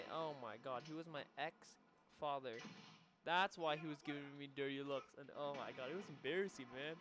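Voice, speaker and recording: A man's voice: medium pitch, normal speed. A sixteen-year-old boy casually telling a rambling, funny story over his gameplay video, often breaking into laughter and swearing offhandedly. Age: teenager, 16. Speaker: gamer commentating his own gameplay video.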